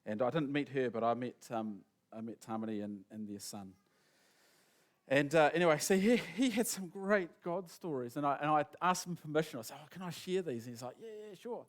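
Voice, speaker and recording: A man gives a sermon, his voice sitting a little higher than most men's. He rambles through an anecdote in a casual way and acts out each person's lines as he quotes them. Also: lively intonation, brisk. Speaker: preacher. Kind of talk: sermon storytelling.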